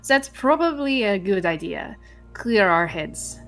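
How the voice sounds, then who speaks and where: A woman voicing a calm, patient male police lieutenant in a game, with a put-on French accent that drifts toward Russian. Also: mid-range voice, measured pace, soft background music. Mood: calm, measured.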